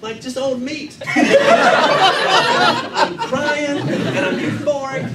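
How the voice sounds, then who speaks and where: A man telling a comedic true story to a live audience at an improv show, animated and swearing freely. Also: very high voice, extremely slow, heavy background noise. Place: theater stage with live audience. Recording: echoey room, mic from a distance, loud audience laughter.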